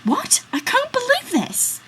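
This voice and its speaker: Woman voicing an excitable young male friend, high and slow. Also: a little hiss or hum, full character voice, poor audio. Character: easily swayed young man, hot-headed friend.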